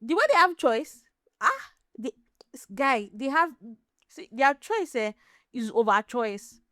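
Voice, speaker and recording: A Nigerian woman hosting a podcast, chatting casually as an animated, laughing storyteller. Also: sits high, measured pace, no echo, studio quality. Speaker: podcast host. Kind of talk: casual chat.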